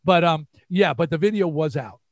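His voice is a little high and moves at normal speed, with no echo. He's an older New York man, a musician guest in a storytelling interview, lively and voicing other people's lines himself.

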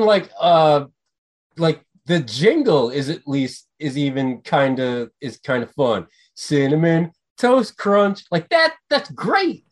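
A man co-hosting a podcast in casual chat, ranting with profanity and getting animated. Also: a little high. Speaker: podcast co-host.

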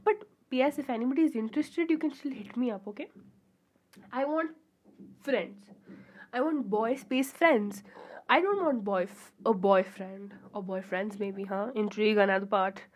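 Chatty young woman with a higher voice. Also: normal speed. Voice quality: pure-sounding voice. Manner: rambling and chatty, with frequent fillers and giggly asides. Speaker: podcast host. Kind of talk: casual solo podcast chat.

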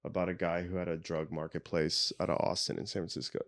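Very low-voiced man, laid-back guest. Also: flat delivery, fast talker, vocal fry, crowd noise. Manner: laid-back, joking, swears casually. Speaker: podcast guest. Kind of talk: casual chat.

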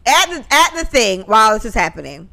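A woman's voice: on the high side, a little fast, creaky. A woman co-hosting a podcast, chatting casually and profanely, acting out quoted lines as she gossips. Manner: animated, profane, acts out quotes. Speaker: podcast co-host.

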